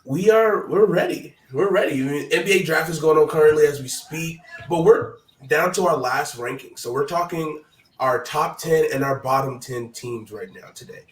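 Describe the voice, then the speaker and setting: A man hosting a casual sports talk stream, his voice hoarse, talking in a loose, hyped-up, chatty way. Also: a little high, moderate pace, reverberant, far from the mic, low-quality recording. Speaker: host.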